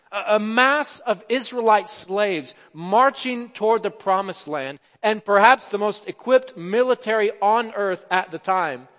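A man's voice: sits high, a bit bright. A man preaching a sermon, building dramatic emphasis as he acts out the quoted lines. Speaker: pastor. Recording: dull sound with long hall reverb.

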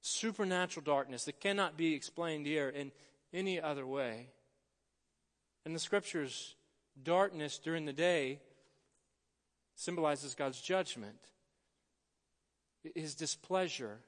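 Casting: male pastor, 30s, high tenor, earnest sermon delivery with long hall reverb. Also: unhurried, pauses often. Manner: earnest preaching, rising to emphatic stresses then dropping soft. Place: church sanctuary.

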